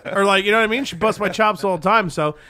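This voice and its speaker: High bright-voiced New Jersey man. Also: fast talker. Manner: rambling, profane storytelling. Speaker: podcast co-host. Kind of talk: casual chat.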